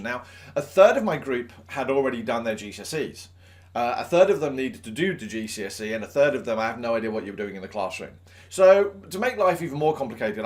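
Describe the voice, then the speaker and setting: A man, a teacher, telling a self-mocking anecdote from his teaching life. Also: medium pitch. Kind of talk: storytelling anecdote.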